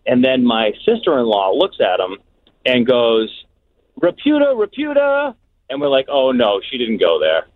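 A man calls in over a thin, phone-like line. He tells his story with lively energy and laughs along the way. The sound is dry and close. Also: medium pitch, normal speed, no echo. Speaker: caller.

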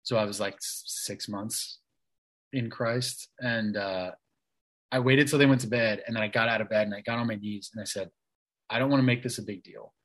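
A man's voice: lowish voice, fairly even intonation, moderate pace, a bit bright, low-quality recording. A man in his thirties, a guest in an interview, telling his story casually with lots of restarts and "like" fillers. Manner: chatty, many restarts and "like" fillers.

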